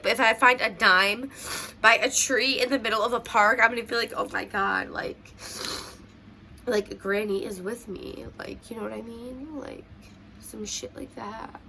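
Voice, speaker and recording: Emotional young woman, gravelly bright voice. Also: a little high, normal speed, slight background noise. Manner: emotional, rambling with many fillers. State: tearful. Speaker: vlogger. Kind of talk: casual personal storytelling. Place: at home doing makeup.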